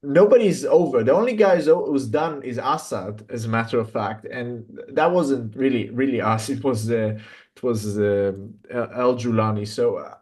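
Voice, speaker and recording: A man giving skeptical political commentary as a guest, halting often with restarts and fillers. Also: medium pitch, darkish tone.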